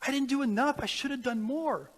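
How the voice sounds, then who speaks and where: A man's voice: very high-pitched, fairly quick, voice pushed up. A preacher acting out an anguished man full of regret. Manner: pleading, breaking, repeating himself.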